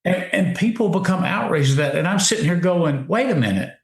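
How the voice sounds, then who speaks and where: A man's voice: high-pitched, fairly quick, creaky. A man giving emphatic, opinionated commentary on a radio talk show, often restarting his sentences. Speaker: guest commentator. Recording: roomy echo.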